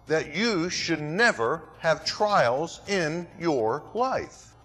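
A pastor preaching a sermon, dramatic and rhetorical, who acts out other people's words. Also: male voice, sits high, bright, forceful tone. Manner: dramatic, rhetorical, mimics voices.

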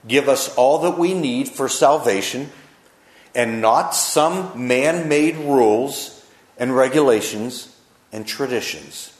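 A man preaching a sermon, slowing down to stress key phrases. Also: mid-range voice, reverberant.

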